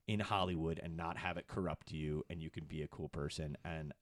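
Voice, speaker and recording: A middle-aged man and podcast producer in casual chat, telling stories with bursts of excitement that jump high in pitch. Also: a little fast, no echo. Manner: excitable storyteller, swings to high animated peaks.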